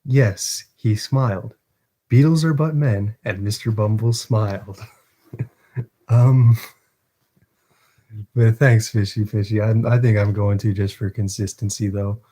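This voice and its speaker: A man with a mellow, relaxed voice hosts a casual live stream, chatting to viewers and reading a novel aloud. He laughs easily and trips over longer words as he goes. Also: lowish voice, a little slow, long pauses.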